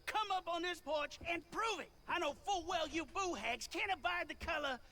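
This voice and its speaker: An actor playing a gruff, superstitious old Southern man guarding his porch in a video game. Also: very high voice, normal speed, bright, forceful tone. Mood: wary.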